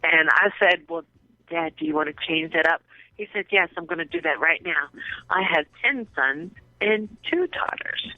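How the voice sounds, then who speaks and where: A woman guest telling animated, profane stories in a casual interview, often bursting into laughter. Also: sits low, moderate pace, no echo, phone-quality sound. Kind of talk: casual storytelling.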